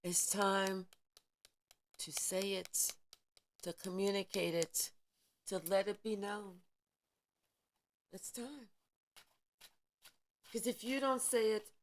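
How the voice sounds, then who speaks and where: A woman's voice: medium pitch, slight background noise. A woman giving a spiritual tarot reading in an emphatic, preachy way, with a lot of repetition and profanity. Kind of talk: tarot reading vlog, spiritual pep talk.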